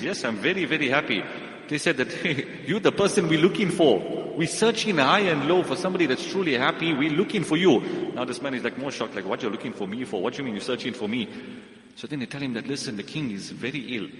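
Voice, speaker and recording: A man giving a Friday sermon in a mosque, telling a story in an animated way and acting out its characters. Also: medium pitch. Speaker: imam giving Friday lecture. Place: mosque hall. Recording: echoey hall with long reverb.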